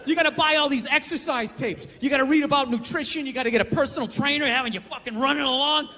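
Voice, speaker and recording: A male stand-up comedian doing a blunt, profane, ranting routine on a talk show stage, often shouting. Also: very high voice, fast. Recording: live studio audience, reverberant hall.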